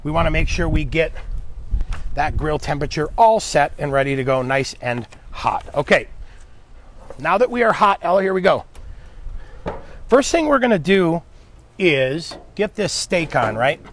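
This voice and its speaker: A man's voice: fairly high pitch, expressive, measured pace, long pauses, fairly bright tone, slight background noise. A man hosting a live cooking demo, chatting upbeat with viewers and his helper as he cooks. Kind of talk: live cooking stream, casual chat.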